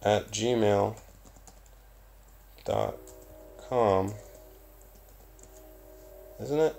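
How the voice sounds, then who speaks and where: A young adult man with a Southern US accent, hosting his own podcast in a casual, profane, rambling monologue with bursts of loud emphasis. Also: fairly low pitch, fairly even intonation, very slow, creaky, long pauses. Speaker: podcast host.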